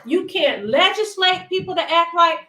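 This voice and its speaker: High-voiced emphatic woman with a Detroit accent. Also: animated, normal speed, bright, forceful tone. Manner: emphatic, rhetorical questions. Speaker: co-host. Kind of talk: casual radio talk. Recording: echoey room.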